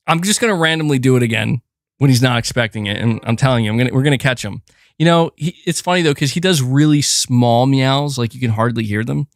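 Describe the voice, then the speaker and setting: A man's voice: medium pitch, expressive, fairly quick, no room sound. A man hosting a casual gaming livestream, talking close to a desk mic and chatting loosely, often breaking off to coax his cat. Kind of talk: casual live-stream chat.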